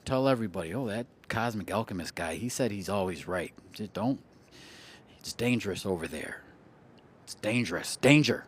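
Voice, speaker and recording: A playful man chatting on a live stream, his pitch jumping around as he teases the viewers. He often repeats words in a sing-song way to make a point. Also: lively intonation, moderate pace, a little hiss or hum. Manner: playful, jokey, teasing viewers. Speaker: astrology livestream host. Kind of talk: casual livestream chat.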